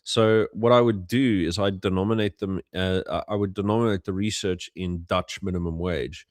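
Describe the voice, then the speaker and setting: A man's voice: sits low, fairly even intonation, normal speed, no room sound, clean studio sound. A young man from South Africa, hosting a casual livestream and telling stories with many fillers and restarts. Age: young adult. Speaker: host.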